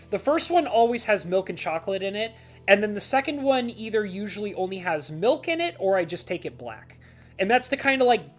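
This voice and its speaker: A man streaming live and chatting with his viewers in a loose, rambling way, dropping "like" every few words. His voice is light and swoops up and down with lively intonation, and he slips into mock rants. Soft music plays faintly behind him. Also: high-pitched. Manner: rambling, full of "like" fillers; animated, mock-ranting. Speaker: streamer reading chat. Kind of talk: casual live-stream chat.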